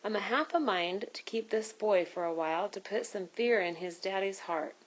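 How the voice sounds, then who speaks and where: A woman's voice: medium pitch, animated, moderate pace, close to an everyday voice, rough recording. A woman voicing a caring, scolding grown woman in a read-aloud storybook. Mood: indignant. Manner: fussing and motherly.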